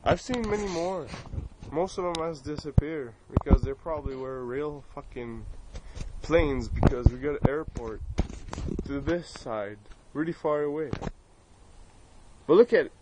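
A man's voice: fairly high pitch, a little slow, heavy background noise. Furious swearing French Canadian man. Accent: Acadian French Canadian. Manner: furious, swearing constantly, repeating himself. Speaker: vlogger. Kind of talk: angry profane rant. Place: outdoors near his home, filming the sky. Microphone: cell phone camera.

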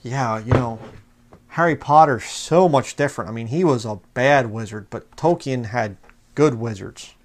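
Man, preacher, passionate, fired up, reads quotes aloud, mid-range pitch. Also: moderate pace, slight background noise. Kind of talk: fiery religious commentary video.

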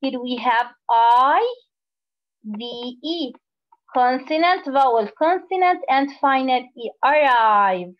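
A woman teaching a phonics lesson to young children, explaining slowly and repeating words. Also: high voice, expressive, dull audio. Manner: slow, drawn-out teacherly explaining with repetition.

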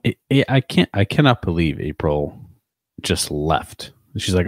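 Deep, husky man in halting chat. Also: big pitch swings, no echo, clean studio sound. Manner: halting, trails off with "I don't know". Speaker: podcast co-host. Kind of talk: casual chat.

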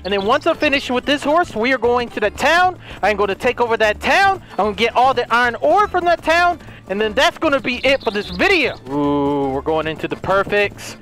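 A young man doing excitable, playful solo gameplay commentary, swearing casually as he goes. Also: extremely high pitch, a little fast. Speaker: gaming YouTuber.

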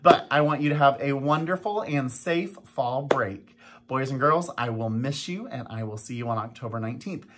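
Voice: mid-range voice, normal speed, background noise. An elementary school principal giving the morning announcements, addressing young children in a coaxing, teacherly way and repeating pleas and instructions for emphasis.

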